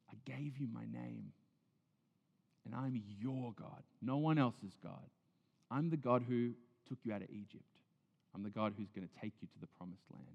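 A male pastor preaching a sermon earnestly, moving between loud emphasis and hushed, near-whispered lines. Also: fairly low pitch. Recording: dull sound in a big reverberant hall.

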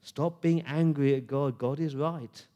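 A man delivers a sermon with a mellow, darker tone. He talks earnestly and conversationally to his congregation, with pauses and restarts. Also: fairly high pitch, steady tone. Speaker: preacher.

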